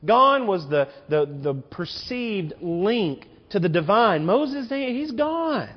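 Animated preaching man in a reverberant church. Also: high voice, slow. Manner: animated preaching with rhetorical questions. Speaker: pastor. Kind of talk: sermon. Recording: muffled recording with long hall reverb.

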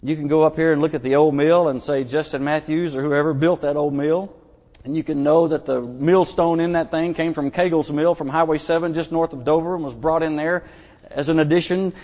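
Preacher guy, kinda high voice, folksy sermon, long church echo. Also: fairly even intonation, brisk. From Arkansas. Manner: earnest, folksy, with repeated restarts. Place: church sanctuary. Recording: dull lo-fi sound, long church reverb.

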